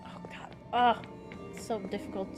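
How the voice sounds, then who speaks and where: A woman giving casual let's-play commentary, excitable and easily startled, swearing when scared. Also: medium pitch, normal speed, over music. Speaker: game streamer.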